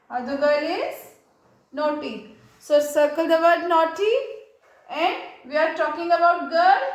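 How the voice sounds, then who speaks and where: A woman teacher, leading a grammar lesson and slowly repeating the answers. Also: high-pitched. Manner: slow, repetitive, drilling answers. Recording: echoey room.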